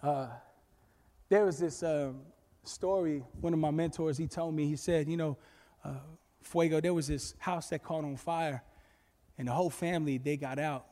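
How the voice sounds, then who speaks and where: Lively male preacher, storytelling sermon, high-ish voice in a reverberant room. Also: normal speed. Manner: animated storytelling, bursts of shouting. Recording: long reverb with faint music.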